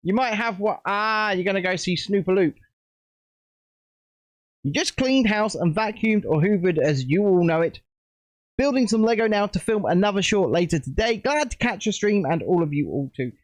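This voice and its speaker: A man's voice: high-pitched, animated, normal speed, no echo. A British man hosting a casual livestream, chatting and rambling while building a set at home. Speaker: livestream host.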